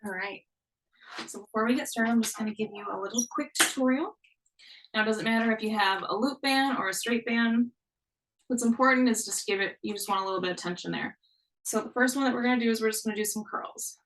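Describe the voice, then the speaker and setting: A woman's voice: fairly high pitch, fairly quick, fairly bright tone. Upbeat woman coaching a workout, distant mic. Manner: upbeat, encouraging, counts down intervals. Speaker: fitness instructor. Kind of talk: live online workout instruction.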